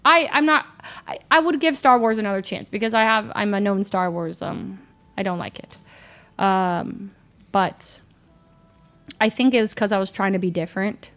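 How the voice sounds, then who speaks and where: A woman livestreamer in casual chat with her viewers, rambling and animated, often laughing at herself and restarting her sentences. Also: mid-range voice, normal speed. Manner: rambling, animated and self-deprecating, with frequent restarts.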